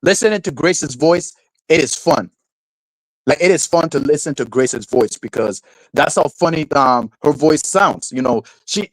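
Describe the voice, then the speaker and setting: This rambling livestream rant comes from a man with a slightly high, expressive voice speaking at a moderate pace. He repeats himself, fills gaps with "like" and "you know," swears casually and laughs a lot. There's no room sound, and the recording quality is low.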